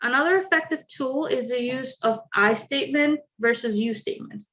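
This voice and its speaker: A woman leading an online communication skills workshop, explaining clearly and adding light humorous asides. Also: high-pitched, normal speed, fairly bright tone, slight background noise. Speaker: workshop presenter. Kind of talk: online training presentation.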